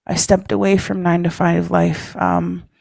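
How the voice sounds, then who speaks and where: A woman telling a personal story to a leaders' meeting, relaxed, often ending phrases with "hey?" or "eh?" and clearing her throat. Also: lowish voice, moderate pace, no echo. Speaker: speaker at a First Nations leaders' caucus. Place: meeting room.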